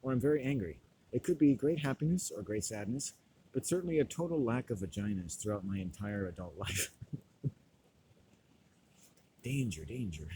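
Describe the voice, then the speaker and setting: A stoned man delivering a rambling, profane monologue, loud and laughing often. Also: fairly low pitch, expressive, fairly quick, noisy background. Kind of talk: profane ranting monologue to camera.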